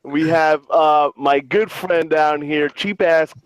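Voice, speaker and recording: A man hosting a collectors' panel, teasing guests loudly in crude casual banter. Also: on the high side, steady tone, slow, clean tone, dry recording. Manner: loud, joking, teasing. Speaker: panel host.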